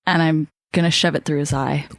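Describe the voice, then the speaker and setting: Woman player, low flat voice, dry sound, blunt. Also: brisk, dry recording. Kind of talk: tabletop game role-play.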